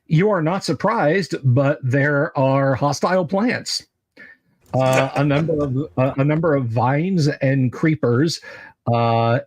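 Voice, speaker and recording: Slow, halting male game master. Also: mid-range voice, dry recording. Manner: halting, many filler sounds. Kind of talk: running a tabletop game over a livestream. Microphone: video call mic.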